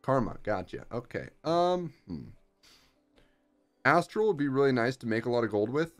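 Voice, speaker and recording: A young man giving casual, excitable commentary while he plays a strategy game, with playful jokey asides. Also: mid-range voice, moderate pace. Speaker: streamer. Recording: faint music behind.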